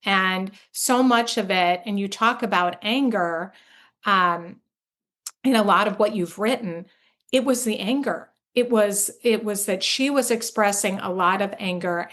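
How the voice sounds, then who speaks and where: A woman's voice: mid-range voice, a little slow, fairly bright tone. A middle-aged woman hosting a parenting podcast, chatting enthusiastically and affirming her guest, with lots of fillers and restarts. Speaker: podcast host. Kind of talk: conversational interview.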